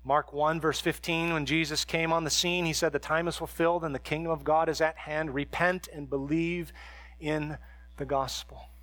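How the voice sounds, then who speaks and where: A man preaching a sermon as a pastor, moving between hushed, quiet stretches and emphatic, raised passages. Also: fairly high pitch, flat delivery, moderate pace, no room sound.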